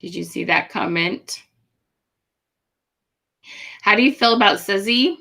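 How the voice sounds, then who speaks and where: A woman hosts a live online webinar in a bright, crisp voice. She talks in an upbeat, chatty way, peppered with "um"s. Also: mid-range voice, a little slow. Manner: upbeat, chatty, many fillers. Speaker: host.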